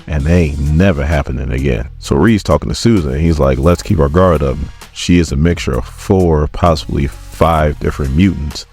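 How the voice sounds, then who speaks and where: A man's voice: low voice, darkish tone. A man giving a laid-back comic book recap, retelling the story and acting out the characters' lines as he goes.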